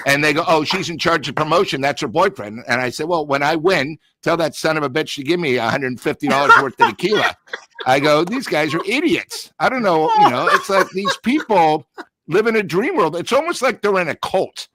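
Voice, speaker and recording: A man's voice: on the high side, animated, a little fast, background noise. A man giving blunt, ranting sports talk, telling stories with quoted back-and-forth. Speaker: sports talk show regular. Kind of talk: heated casual sports talk.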